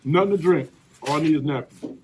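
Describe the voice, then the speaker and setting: A man's voice: on the high side, fairly quick, darkish tone, slight background noise. A man taking an eating challenge, determined and insisting he will not quit. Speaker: challenge taker. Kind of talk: casual group banter.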